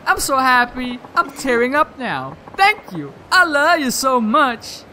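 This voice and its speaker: A man voicing an excitable young girlfriend in a video game, raising his voice high and gushing. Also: a little slow, slight background noise, full character voice. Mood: delighted.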